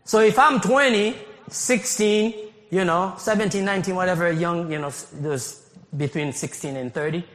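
A man from Haiti preaching a sermon as pastor, animated, laughing often and rising to shouts. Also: high voice, moderate pace. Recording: long hall reverb.

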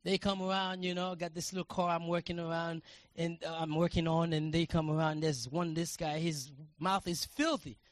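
A man preaching a sermon, telling everyday stories in a casual way and building to passionate shouts. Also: a little high, steady tone, moderate pace, hardly any pauses, dry recording. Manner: conversational storytelling, rising to passionate shouting.

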